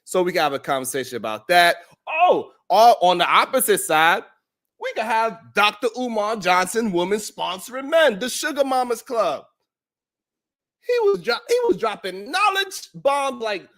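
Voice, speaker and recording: A fairly high-voiced man hosts a live talk show. He recaps the week with loud jokes and frequent laughter. He slips into mocking impressions of the people he talks about. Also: normal speed. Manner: animated, laughs often, drops into mocking quoted voices. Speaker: show host. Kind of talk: comedic recap of the week's shows.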